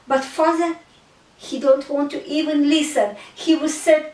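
A woman's voice: sits high, steady tone, measured pace, a little mellow, far from the mic. A woman retelling a Bible parable in an earnest, storytelling way, with non-native grammar. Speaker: Christian artist and speaker. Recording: echoey room, speaker away from mic.

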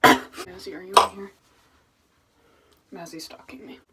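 A woman's voice: mid-range voice, steady tone, unhurried, heavy background noise. A woman vlogging at home in a casual, rambling, self-mocking way, muttering asides to herself. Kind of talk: casual chat. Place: at home, indoors.

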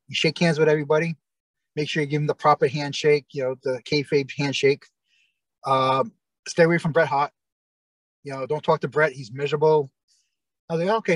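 A man's voice: on the high side, no echo, poor audio. A man, a guest in an interview, telling a long story in a rambling way with many fillers and restarts, acting out other people's lines.

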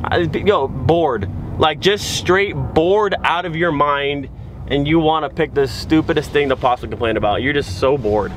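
A man's voice: on the high side, measured pace, noisy background. A young man filming a casual car vlog, talking in a rambling, exasperated way with many filler words. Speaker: car vlogger.

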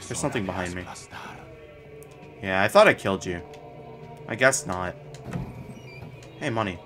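A man with a fairly low voice talks through a gameplay session, cursing and blurting out reactions as he goes. Faint game music sits behind him. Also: expressive, moderate pace, fairly bright tone. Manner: swears often, blurts out reactions. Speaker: gameplay streamer. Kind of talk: profane casual gameplay commentary.

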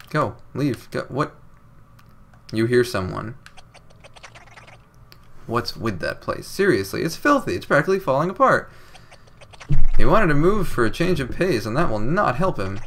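A young man narrating a game playthrough in a relaxed, joking way. He reads out dialogue with playful, exaggerated inflections, his pitch moving widely. His voice is mid-range. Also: a little hiss or hum. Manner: sarcastic, jokey, reads game text with odd inflections. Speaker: let's play commentator. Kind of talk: casual game commentary reading dialogue aloud.

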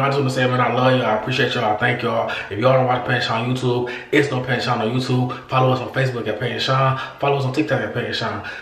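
A young man hosting a casual prank vlog at home, talking fast in slang, loud and exasperated when he argues. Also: medium pitch. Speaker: vlog host. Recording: echoey room, mic at a distance, audible noise.

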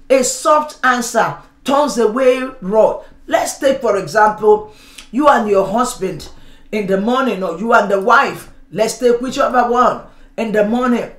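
A woman's voice: on the high side, a bit bright. A middle-aged woman pastor preaching a sermon, calling on the congregation to respond and acting out everyday examples. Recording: roomy church sound.

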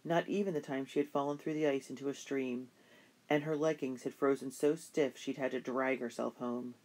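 A middle-pitched voice reads a children's historical novel aloud. The delivery is steady, like a bedtime story, with only light voicing for the characters. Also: normal speed. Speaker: narrator. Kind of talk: audiobook narration of a children's novel.

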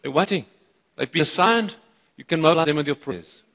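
A man with a South African accent preaching a sermon, excitable and chatting with the congregation between points. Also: fairly high pitch, fairly quick. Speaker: pastor. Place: church auditorium. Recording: reverberant church hall.

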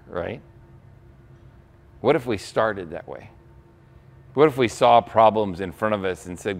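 A young adult man preaching a sermon as pastor, conversational, often checking in with the congregation with quick asides. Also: lowish voice.

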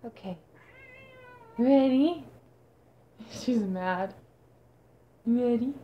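A woman's voice: fairly high pitch, very slow, muffled recording. A woman vlogging in a casual, chatty way indoors at her grandmother's house, cooing baby talk at her cat and teasing it playfully. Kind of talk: casual vlog chat.

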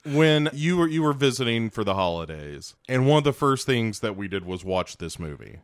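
A man's voice: mid-range voice, big pitch swings, moderate pace, no echo, studio quality. A man co-hosting a casual movie podcast, joking crudely and sarcastically. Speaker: podcast co-host. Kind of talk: casual movie-recap chat.

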